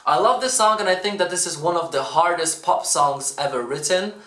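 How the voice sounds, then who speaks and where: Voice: medium pitch, lively intonation, a little fast, bright, forceful tone. A vocal coach giving casual, enthusiastic reaction commentary, often breaking into exclamations. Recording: roomy echo, faint music behind.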